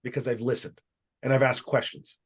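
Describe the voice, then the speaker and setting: A man's voice: mid-range voice, little pitch movement, fairly quick. A man facilitating an online workshop, explaining with emphasis on single words, heard over a video call. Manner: explanatory, stresses single words in a repeated sentence.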